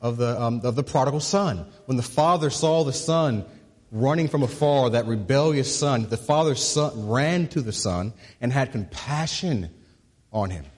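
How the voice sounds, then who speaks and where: A male pastor delivers a sermon in a church sanctuary. His voice is husky and a touch breathy, and it carries a long reverb through the big room. He repeats words as he builds to a point, then drops low and soft on the key lines. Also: normal speed.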